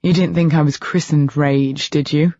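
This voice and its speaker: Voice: mid-range voice, fairly even intonation, moderate pace, mellow, dry recording, close to an everyday voice. A narrator doing a sneering, defiant teenage boy. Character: surly, provocative teenage boy. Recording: dull lo-fi recording.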